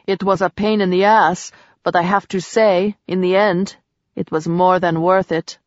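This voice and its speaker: A woman's voice: fairly low pitch, fairly even intonation, unhurried, no room sound, highs cut off, lightly acted. Woman doing an earnest, firm young father. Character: earnest new father, a doctor.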